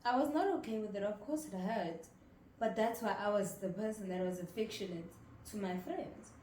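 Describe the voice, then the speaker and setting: A young woman from South Africa who talks about her feelings in a candid, matter-of-fact way. Her voice is mellow and warm. The recording has a roomy echo and a faint hiss. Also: medium pitch, moderate pace. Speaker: podcast co-host, daughter. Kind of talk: casual heart-to-heart chat. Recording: echoey room with faint noise.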